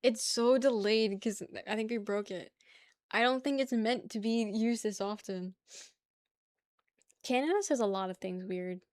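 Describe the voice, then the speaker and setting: A woman's voice: fairly high pitch, a little slow, dry recording. A young woman from the New York area chatting casually with her stream chat, joking, laughing and rambling.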